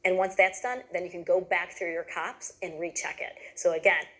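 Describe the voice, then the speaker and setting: A woman's voice: fairly low pitch, steady tone, normal speed, a bit bright, rough recording. A woman giving a patient, step-by-step lesson to teachers, checking in often with "okay?". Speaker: teacher trainer.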